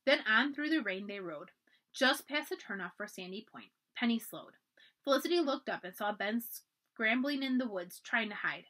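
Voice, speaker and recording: A woman librarian reading a children's storybook aloud, expressive and often dropping to a hush for the dramatic parts. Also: fairly high pitch, normal speed.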